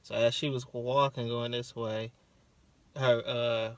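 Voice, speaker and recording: A man's voice: mid-range voice, little pitch movement, takes it slowly, clear, resonant tone. Laid-back young man chatting casually. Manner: laid-back, slangy, a bit hesitant. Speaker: co-host, her partner. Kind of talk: casual storytelling chat.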